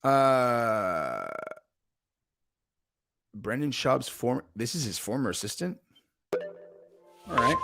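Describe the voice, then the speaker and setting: A man hosting a podcast, ranting and cracking crude jokes in an excitable, profane way. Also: mid-range voice, takes it slowly, vocal fry, pauses often. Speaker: podcast host. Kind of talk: crude comedic banter.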